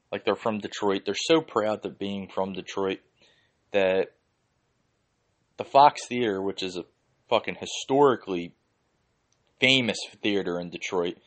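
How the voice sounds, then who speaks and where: A man from Philadelphia hosting a podcast, ranting casually and heatedly with lots of swearing and "like" fillers. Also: lowish voice. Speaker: podcast host.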